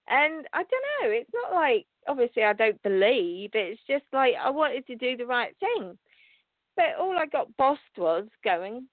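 A woman hosting a spiritual talk show, telling a story to her listeners in a chatty, excitable way with restarts and laughter. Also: high-pitched, measured pace, no room sound. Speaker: show host and psychic reader. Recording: tinny phone-line sound.

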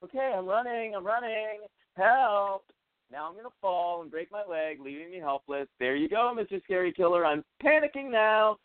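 A man's voice: mid-range voice, huge pitch swings, moderate pace, vocal fry, hardly any pauses, dry recording, heavily acted. A man putting on the voice of a spoiled teenage girl in a horror scene, melodramatic and mocking. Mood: mock panic. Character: shrill spoiled teen girl horror victim. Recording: dry tinny phone-like sound.

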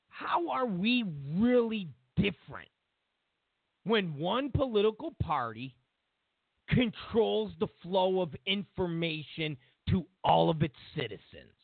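A man hosting a political talk show, his high voice gravelly and swinging widely in pitch as he hammers home points in repeated lists with sarcastic asides. He speaks slowly and deliberately. The sound is tinny and phone-like. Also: no room sound. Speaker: political commentary host. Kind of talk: opinionated political monologue.

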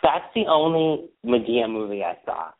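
Man, podcast co-host, casual chat, expressive, lively pitch, tinny phone-like audio. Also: normal speed, creaky. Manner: expressive, laughs easily.

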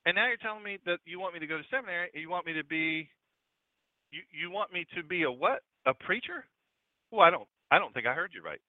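A man's voice: high-pitched, lively intonation, fast talker, no echo. A man voicing a bewildered male preacher protesting to God, played for laughs over a dry, tinny radio broadcast line. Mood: incredulous. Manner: incredulous, protesting.

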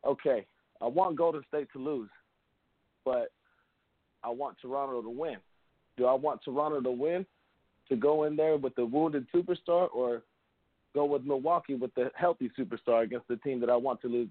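A man of middle pitch rambles through his sports opinions, often restarting mid-thought. The sound is dry and narrow, like a phone call. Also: no echo. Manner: rambling, many fillers and restarts. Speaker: podcast panelist. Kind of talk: casual sports chat.

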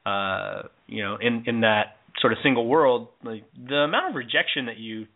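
A man's voice: medium pitch, normal speed, creaky. A man in casual radio chat about dating, rambling and hedging as he talks. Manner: rambling, hedging with "you know" and "like". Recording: tinny phone-line sound.

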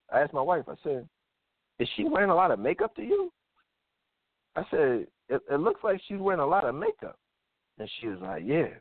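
A man's voice: mid-range voice, no room sound. A man hosting a call-in radio show, talking bluntly and animatedly, acting out the voices in his own stories. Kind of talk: opinionated call-in radio commentary. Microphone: phone line. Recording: tinny phone-line audio.

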